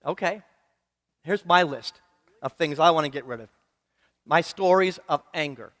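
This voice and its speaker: Male preacher, earnest and repetitive, quizzes his congregation; high voice in a reverberant church. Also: normal speed, a bit bright. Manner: earnest, rhythmic repetition, asks the congregation questions. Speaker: minister. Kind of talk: sermon. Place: church sanctuary.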